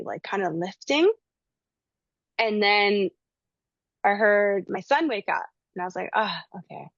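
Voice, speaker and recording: A woman's voice: mid-range voice, no echo. A woman telling a personal story in casual chat, acting out the voices of the people in it. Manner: animated, acts out voices in the story. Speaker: guest sharing a spiritual experience. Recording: slightly dull lo-fi sound.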